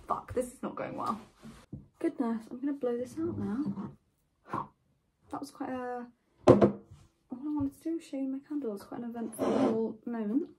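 A teenage girl chatting excitedly in a casual vlog from her bedroom. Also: a little high, normal speed, long pauses, heavy background noise. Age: teens. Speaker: vlogger. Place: bedroom at home.

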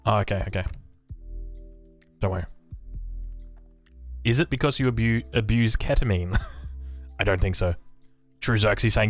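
A young Australian man hosting a casual, excitable live reaction to game news, rambling and joking. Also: on the low side, measured pace, long pauses, soft background music. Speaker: gaming YouTuber.

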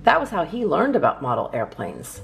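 A woman reads a children's storybook aloud in a low, gravelly voice. Her reading is lively and rises and falls expressively, with faint guitar music in the background. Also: normal speed. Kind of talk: children's read-aloud narration.

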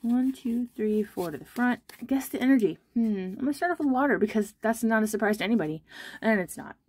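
A woman's voice: on the high side, animated, a little fast, darkish tone, breathy edge, no room sound. A young woman chatting casually and self-deprecatingly while she opens trading card packs on her channel. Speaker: card-opening vlogger.

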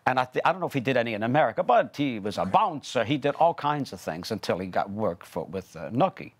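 Older male guest, former opera singer, animated and chatty, mid pitch. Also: fast talker, husky. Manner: chatty, rambling, with many restarts. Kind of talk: TV interview conversation.

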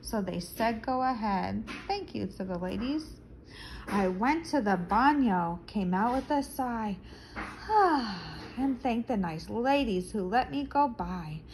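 A woman reading a children's picture book aloud, expressive and stopping to explain words to young listeners. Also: on the high side, unhurried, slight background noise, poor audio. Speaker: storyteller for children.

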